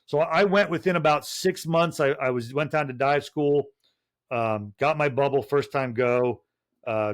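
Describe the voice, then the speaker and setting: A middle-aged man with a voice of ordinary pitch spins long, salty stories as a podcast guest. He talks casually, stumbling over restarts and swearing freely as he goes. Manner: profane, rambling anecdotes with many restarts. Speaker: guest, retired Special Forces officer.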